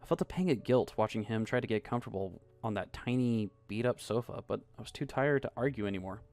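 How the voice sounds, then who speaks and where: A man narrating a scripted first-person story in a soft, even storytelling voice. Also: on the low side, quick pace. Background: faint music.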